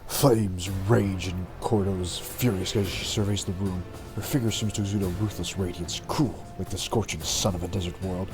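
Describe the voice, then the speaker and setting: A man's voice: sits low, fairly even intonation, normal speed, hardly any pauses. A man streaming a game, talking casually with some swearing and reading the story aloud. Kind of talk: gaming stream commentary and reading. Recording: background game music.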